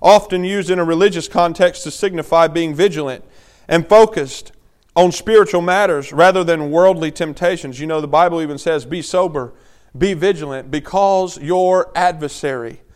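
A man preaching a sermon, moving from quiet teaching to loud, urgent exhortation. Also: fairly high pitch, moderate pace, clear, resonant tone.

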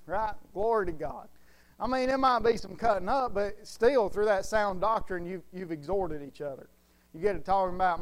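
A man preaching an informal sermon in a folksy, animated storytelling manner. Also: a little high, a little fast.

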